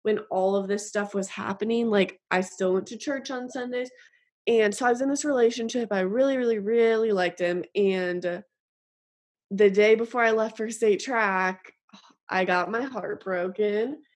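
This young woman tells an earnest personal faith story in an interview. She speaks at a moderate pitch and keeps stopping to fill pauses. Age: young adult. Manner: earnest, halting, with frequent fillers. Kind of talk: personal testimony.

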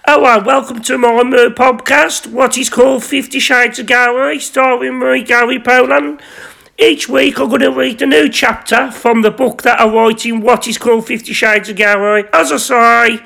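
A man hosting a podcast, reading his own erotic story in a rambling, crude, self-important deadpan. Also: very high-pitched, normal speed, vocal fry. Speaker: podcast host.

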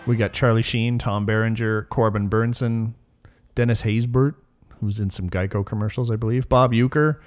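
A man's voice: lowish voice, fairly even intonation, moderate pace, faint music behind. Jokey male podcast host. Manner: jokey, laughs a lot. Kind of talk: casual chat.

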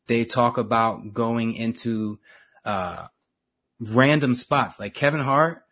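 Man, husky voice, casual podcast talk, slangy, restarts a lot. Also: mid-range voice, slow. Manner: animated, slangy, trails off and restarts. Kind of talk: casual chat.

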